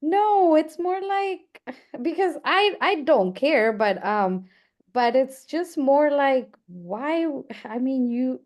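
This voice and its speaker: A woman student in a class discussion, speaking hesitantly in halting bursts with many restarts. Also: high-pitched, lively intonation, a little mellow.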